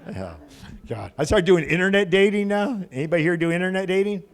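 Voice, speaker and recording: A man performs stand-up with a high, lively voice that swoops up and down. He rants in loud, exasperated bursts and swears freely, working a club stage on a handheld mic. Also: a little fast. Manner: loud, exasperated ranting with profanity. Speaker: stand-up comedian. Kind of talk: stand-up comedy set.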